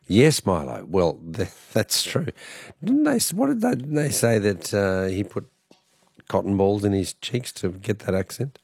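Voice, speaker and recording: An Australian man hosting a late-night radio program, with a croaky voice, chatting casually with fillers and chuckles. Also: on the low side, big pitch swings, a little slow, darkish tone, no room sound, studio quality. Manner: chatty, rambling, self-deprecating, with chuckles and fillers. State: croaky voice from a cold. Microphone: studio microphone.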